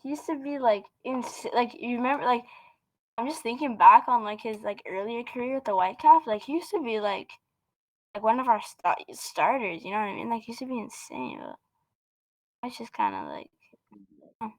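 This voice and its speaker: A woman's voice: on the high side, lively intonation, moderate pace, rough recording. A woman co-hosting a podcast in casual chat, eager and padding every phrase with "like". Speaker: podcast co-host.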